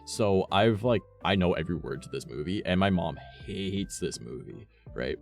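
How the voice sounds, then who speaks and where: A man's voice: deep voice, animated, normal speed, vocal fry, darkish tone, soft background music. A man, a streamer chatting casually and telling a rambling, profane story, acting out the lines of the people in it.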